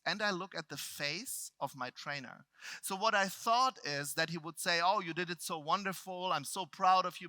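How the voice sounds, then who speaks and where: A middle-aged man from Germany with a German accent, telling a personal story to a live seminar audience. He swings between loud outbursts and quiet reflection. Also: fairly high pitch, no echo. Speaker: motivational speaker.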